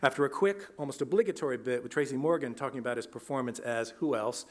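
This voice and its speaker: Measured man reading a lecture. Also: medium pitch. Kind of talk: academic lecture.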